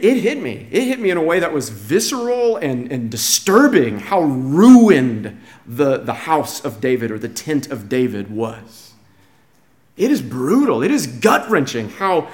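A man preaching a sermon, earnest and emphatic, often repeating words as he restarts a thought. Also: on the high side. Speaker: pastor.

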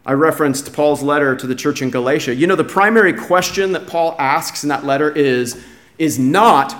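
A man's voice: a little high, brisk. Emphatic preacher man. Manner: emphatic, restarts phrases, swings from hushed to raised. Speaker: pastor. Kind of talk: sermon.

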